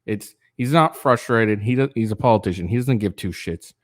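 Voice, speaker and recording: A man with a fairly low voice reads a news piece aloud and keeps breaking into crude, rambling asides. He sounds tired, stumbles and restarts often, and leans on fillers. The sound is close and dry. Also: moderate pace, no echo. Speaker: political commentary channel host. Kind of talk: casual reading of a news article with rants.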